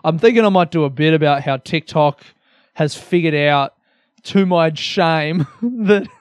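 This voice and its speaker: A man's voice: a little high, a little slow, clear, resonant tone, no echo, studio quality. A young Australian man hosting a solo comedy podcast, rambling energetically with lots of swearing and self-mockery.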